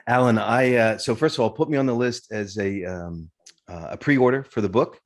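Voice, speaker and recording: A man's voice: lowish voice, normal speed. A man hosting a podcast interview who speaks in a reflective, sincere way and addresses his listeners directly. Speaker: podcast host.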